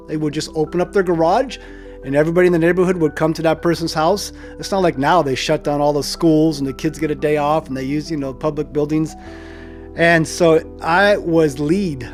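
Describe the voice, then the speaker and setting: Rambling older man telling old stories. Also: fairly high pitch. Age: 60s. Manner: digressive, loses track and chuckles. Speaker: storyteller host. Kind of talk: casual rambling storytelling.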